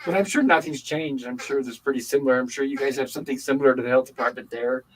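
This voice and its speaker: An older man hosting a livestream, chatting casually and telling animated stories. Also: mid-range voice, quick pace, a little hiss or hum, low-quality recording. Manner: animated storytelling. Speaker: livestream host. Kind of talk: casual chat.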